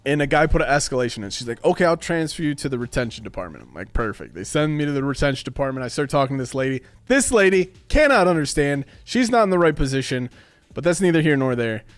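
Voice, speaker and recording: Animated, swearing male streamer. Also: a little high, fast, dry recording, faint music behind. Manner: animated, swears a lot, acts out quoted voices. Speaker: live streamer. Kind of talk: casual rant to stream chat. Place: home streaming room.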